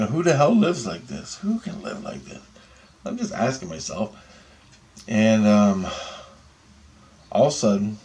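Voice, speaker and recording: A man casually telling a vlog story, animated and full of swearing. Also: fairly low pitch, a little hiss or hum. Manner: profane, animated retelling of a dream. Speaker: vlogger.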